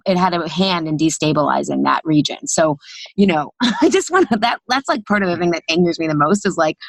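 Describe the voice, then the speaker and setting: A woman hosting a podcast, talking in an animated, conversational way and thinking aloud with restarts. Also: fairly low pitch, dry recording. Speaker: podcast host and coach. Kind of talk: conversational interview.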